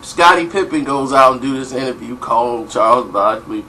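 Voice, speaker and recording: A man's voice: mid-range voice, fairly even intonation, moderate pace, hardly any pauses, sharp tone, a little hiss or hum, poor audio. A man casually telling a story in a slangy style, full of "you know" and "like". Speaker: vlogger.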